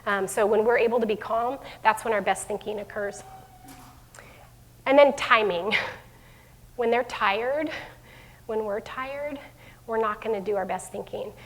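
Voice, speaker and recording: A woman's voice: fairly high pitch, measured pace, long pauses, fairly bright tone. A middle-aged woman giving a parenting talk to an audience of parents, conversational, with many fillers and restarts. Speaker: school division head giving a parenting talk. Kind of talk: live presentation to parents. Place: room with an audience. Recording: long hall reverb.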